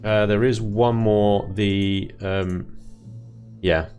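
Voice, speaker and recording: A man casually commentating his strategy game play, chatty, self-deprecating and quick to laugh. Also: lowish voice, fairly even intonation, a little mellow, faint music behind. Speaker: let's play host.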